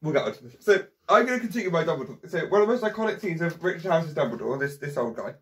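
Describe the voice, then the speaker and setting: A man's voice: a little high, very animated, rapid-fire, a bit bright. A young man hosting a casual podcast while tipsy, rambling and giggly. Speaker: podcast host.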